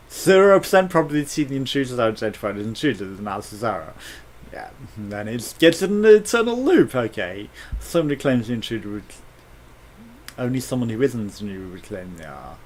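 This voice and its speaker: A man's voice: medium pitch, a little mellow. British guy doing a let's play, reads the game text out, jokes and swears, bouncy voice, faint hiss. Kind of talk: game commentary.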